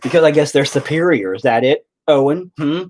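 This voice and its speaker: A man's voice: fairly high pitch, brisk, a little mellow, slight background noise. A man hosting a livestream in casual chat, rambling and teasing the viewers with lots of profanity. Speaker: livestream host.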